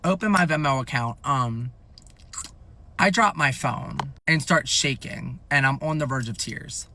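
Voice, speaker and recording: A young man telling a rambling, animated story in a casual monologue, packed with "like" and swearing. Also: medium pitch, a little slow, gravelly, a little hiss or hum. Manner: rambling, animated, heavy filler "like", frequent swearing.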